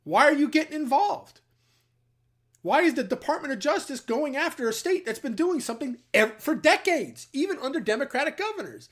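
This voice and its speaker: Speaking brisk and high-pitched, with an expressive, fairly bright tone, this middle-aged veteran from the New York or New Jersey area gives opinionated commentary on his own channel. He's blunt and emphatic, talking directly to the people watching.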